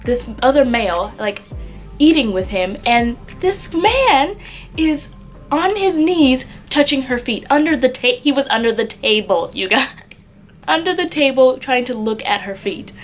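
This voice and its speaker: A woman's voice: high-pitched, measured pace, faint music behind. Chatty young woman telling a story. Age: young adult. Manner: chatty, animated, with laughs. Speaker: vlogger. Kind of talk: storytime vlog.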